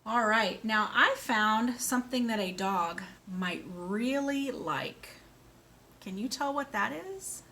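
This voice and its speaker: A woman speaks slowly and clearly in a bright voice, leading a young child through a lesson. Her pitch swings up and down in a sing-song way as she asks questions and praises answers. A faint room hum sits behind her. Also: lively intonation. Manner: slow, clear, sing-song and encouraging, with animal sounds. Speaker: speech therapist.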